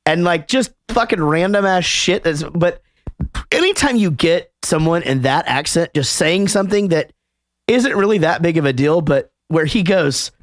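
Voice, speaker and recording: Animated, swearing male podcast host. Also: on the high side, normal speed, no room sound. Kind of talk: casual chat.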